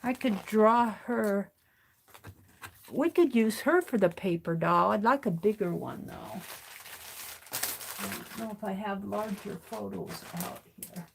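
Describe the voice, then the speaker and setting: A woman hosting a crafting livestream, talking slowly and muttering to herself as she works, then greeting her chat. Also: medium pitch, lively intonation, vocal fry, slight background noise. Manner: slow, muttering to herself while working, greets chat warmly. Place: home craft studio.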